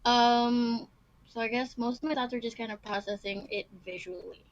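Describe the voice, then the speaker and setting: A woman's voice: a little high, normal speed, dry recording, dull audio. A woman guest on a podcast, chatting hesitantly with many fillers, talking while eating. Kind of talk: casual chat.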